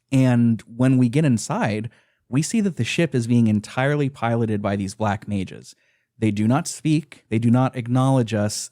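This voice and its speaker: Male podcast host, casual chat, animated retelling, mid pitch, dry close sound. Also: no echo. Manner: animated retelling, frequent "uh" fillers.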